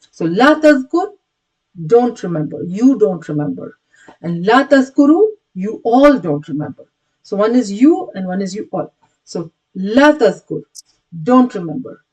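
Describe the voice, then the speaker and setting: A woman teaching a recorded grammar lesson, patiently repeating words aloud and calling out each drilled word louder with hand gestures. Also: mid-range voice, highs cut off. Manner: patient, repetitive, many restarts. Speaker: Quranic Arabic teacher.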